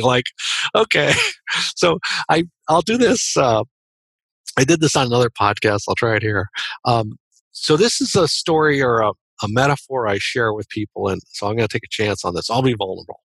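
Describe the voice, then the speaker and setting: A man's voice: medium pitch, a bit bright, husky, no echo. A middle-aged man, a guest author and business coach, telling a story in a casual interview in an earnest way, with frequent restarts and small laughs.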